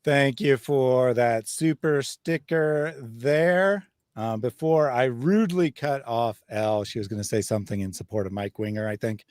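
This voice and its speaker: A man's voice: medium pitch, unhurried, a little mellow, clear, resonant tone, dry recording. Dry-voiced male livestream host. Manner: wry, sardonic asides. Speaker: livestream host reading super chats. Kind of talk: casual live chat.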